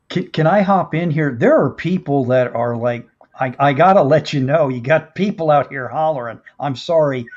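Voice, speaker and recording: Man hosting a chat, higher voice. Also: a little mellow. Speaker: host. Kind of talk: casual interview chat. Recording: dull lo-fi audio.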